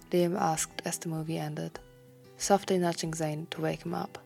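Woman, low and gravelly, reading a story aloud softly, half-whispering. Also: steady tone, moderate pace, faint music behind. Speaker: fan fiction reader.

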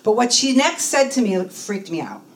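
With a fairly high voice at normal speed, a middle-aged woman tells an interviewer about her own experience, bringing its people to life by acting out their voices with feeling. Her voice sounds a bit distant from the microphone.

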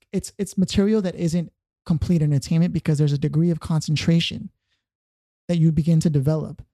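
Man, podcast host, casual chat, mellow tone, dry sound. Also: fairly high pitch, creaky, no echo.

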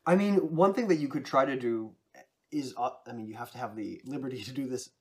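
A man's voice: mid-range voice, quick pace. A man in casual chat, thoughtfully explaining tips on voicing characters at length.

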